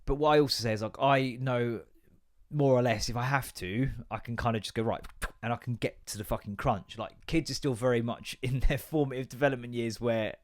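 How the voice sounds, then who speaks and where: A man's voice: medium pitch, fairly even intonation, fairly quick. Sweary ranting man. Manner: acts out both sides of conversations. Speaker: podcast host. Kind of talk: casual podcast rant.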